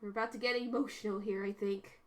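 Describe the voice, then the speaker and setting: A woman's voice: medium pitch, fairly even intonation, fast, a little hiss or hum. A woman streaming a video game, joking and swearing in casual commentary. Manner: profane, joking.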